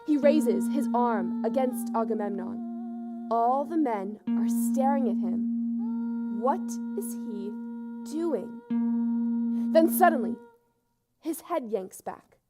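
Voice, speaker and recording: A woman's voice: fairly high pitch, expressive, takes it slowly, pauses often. An actress narrating an epic on stage, switching between chatty asides and dramatic telling, in a live theater performance. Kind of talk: theatrical storytelling. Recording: loud music under the voice.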